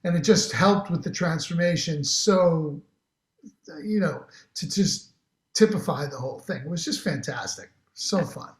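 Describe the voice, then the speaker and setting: A man's voice: fairly high pitch, unhurried. A middle-aged man, an actor guest in a casual interview, talking enthusiastically and rambling with many restarts. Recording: roomy echo.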